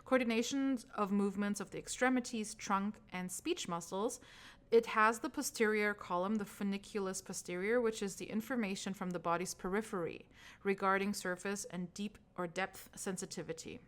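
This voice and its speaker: A woman with as her gives a recorded course lecture on brain anatomy in a relaxed teaching voice. She talks in a casual, chatty way and laughs at her own slips. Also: medium pitch, moderate pace. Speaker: trauma healing instructor.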